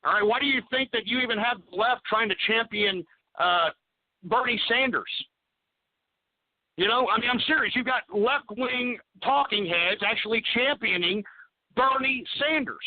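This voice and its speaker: A man's voice: extremely high pitch, moderate pace, no room sound. A man hosting a talk radio show, ranting angrily and cursing as he takes calls. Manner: profane, angry ranting. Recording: tinny phone-like sound.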